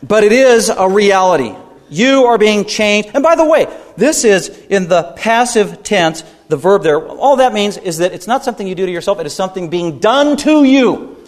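Expressive and at a moderate pace, this male pastor delivers a forceful sermon, his pitch and volume rising and falling dramatically. He leans on repeated phrases and directs sharp questions at the congregation.

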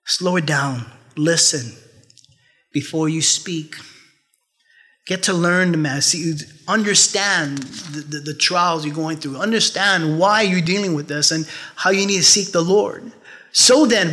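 A pastor preaching a sermon, emphatic and repetitive, with laughing asides. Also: male voice, fairly high pitch, a little slow, sharp tone. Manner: laughs at his own jokes.

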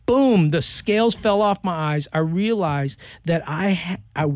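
A man telling a personal story as an interview guest, slangy and loose, acting out other people's lines in sudden high voices. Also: measured pace, darkish tone, dry recording, clean studio sound. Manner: acts out quoted voices, jumping high in pitch; loose, slangy, full of fillers. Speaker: interview guest, professional skateboarder.

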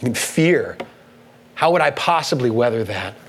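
A man preaching a sermon, earnest and halting, with many restarts, reading quoted passages with rising emphasis. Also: mid-range voice, lively intonation, slightly rough, low-quality recording. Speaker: pastor.

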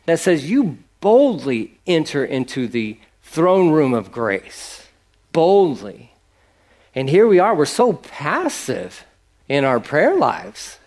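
A man preaching a sermon in a lively, conversational way, acting out little asides. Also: sits high. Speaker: pastor.

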